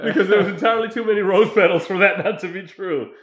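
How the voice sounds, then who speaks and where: A man in casual chat recapping a movie, animated and laughing as he acts out scenes. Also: high-pitched, fast, highs cut off. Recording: echoey room.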